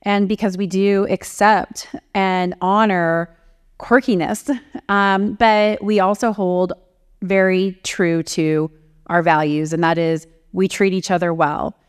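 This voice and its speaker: Candid woman CEO with a smooth voice. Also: fairly low pitch, level tone, slow. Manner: candid, reflective, self-critical. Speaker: CEO and author. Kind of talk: interview answers, storytelling.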